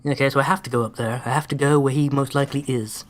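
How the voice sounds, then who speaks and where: Sardonic, sweary gamer. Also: male voice, mid-range voice, fairly even intonation, fast. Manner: sardonic, sweary, over-pronounces words. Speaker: let's play host. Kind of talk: casual gameplay commentary.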